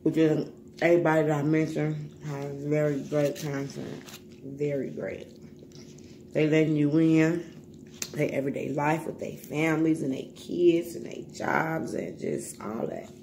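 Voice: medium pitch, unhurried, a little mellow, slight background noise. A vlogger talking casually to viewers while eating, loose and slangy, often repeating words.

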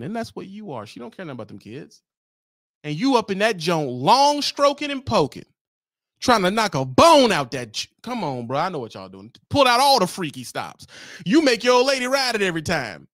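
A man's voice: high voice, sing-song, moderate pace, fairly bright tone, no echo, studio quality. A man, ranting on his livestream in a brash, teasing way and breaking into laughs. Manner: brash, teasing, laughs often, apologizes mockingly. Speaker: livestream host. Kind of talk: casual livestream rant.

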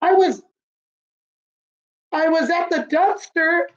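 A woman's voice: extremely high pitch, slow pace, muffled recording, pitched above the performer's own voice. A woman voicing a carefree, cheerful male cat in a breezy, upbeat read-aloud.

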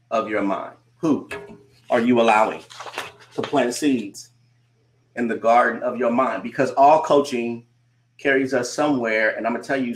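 A man gives a motivational talk as a coach, with a voice of ordinary, middle pitch. He hammers his points through repetition and keeps asking his listeners questions. Now and then he slows right down to lean on a key phrase. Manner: emphatic, repeats lines and asks rhetorical questions. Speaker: coach and conference speaker. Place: speaking remotely to a virtual audience.

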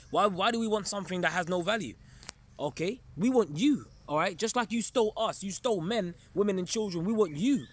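A man preaching an informal sermon in an emphatic, conversational way, often pausing to check in with his listeners. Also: on the high side. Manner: emphatic, keeps checking in with listeners, chuckles darkly.

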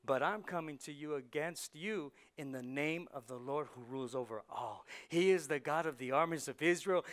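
A man, a pastor, preaching a sermon with rhetorical questions that build to shouting. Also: on the high side, moderate pace, few pauses.

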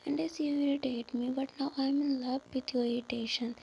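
A woman voicing a protective young husband in a whispered role-play, speaking softly and insistently. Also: sits high, little pitch movement, fairly quick, vocal fry, dull audio, slight background noise. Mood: tender.

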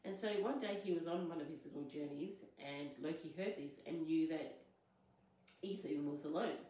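A woman's voice: low voice, a little mellow. A woman retelling a myth in a casual, chatty way, as a storyteller. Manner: chatty, loose, with fillers. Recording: very echoey room.

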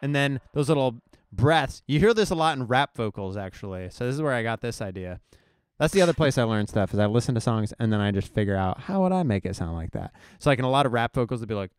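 A man's voice: mid-range voice, expressive, fast, clean tone, no room sound. Chatty man explaining his music production. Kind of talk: casual live production tutorial.

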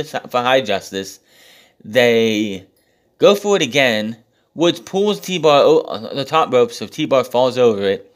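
A man with an ordinary mid-range voice talks through a recap casually. He swears freely and grows exasperated, slipping into mocking impressions of the people he's quoting. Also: medium pitch. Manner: profane, exasperated, acts out quotes mockingly. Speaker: wrestling show reviewer. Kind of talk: casual recap with ranting commentary.

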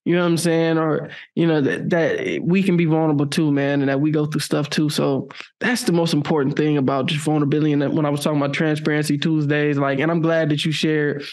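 A man's voice: fairly high pitch, fairly even intonation, fast, darkish tone. A young adult man hosting a podcast, talking in an earnest, heartfelt and emotional way during a casual interview chat. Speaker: podcast host.

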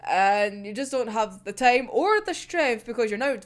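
A woman putting on a calm, weary male character in a paraphrase, only slightly lower than her own voice. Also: normal speed, lightly acted. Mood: explaining.

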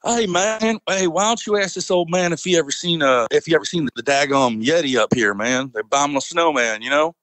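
A man's voice: on the high side, fairly quick, hardly any pauses, fairly bright tone, no echo, lightly acted. A man imitating a gregarious older male army sergeant with a heavy Southern US accent, drawling and swearing casually. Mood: joking.

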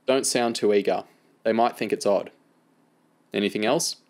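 A man reads as a calm adult handler with a dry sense of humour, speaking in a steady, level way with a hint of amusement. The voice sits fairly low. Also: normal speed, lightly acted.

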